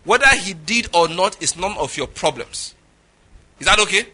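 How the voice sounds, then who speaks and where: Pastor guy preaching, bright voice, jokey storytelling, swings his pitch a lot. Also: normal speed, breathy edge. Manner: animated storytelling with jokes and Pidgin asides. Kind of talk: sermon.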